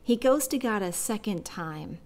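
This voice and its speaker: A woman's voice: mid-range voice, animated, a little slow, darkish tone. A woman giving a devotional Bible teaching, talking in an earnest, reflective way and telling a personal story along the way.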